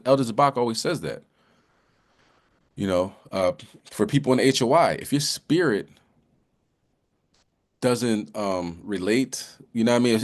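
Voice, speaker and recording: A man giving a casual bible lesson, talking in a loose, conversational way with many restarts and repeated "you know"s. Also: medium pitch. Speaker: religious teacher.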